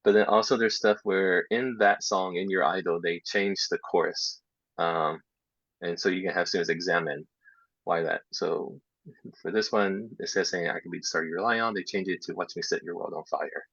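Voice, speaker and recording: A man teaching a casual workshop for English teachers, explaining step by step and dropping into soft half-whispered asides. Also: low voice, steady tone, moderate pace, slightly rough, no room sound. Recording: dull lo-fi sound.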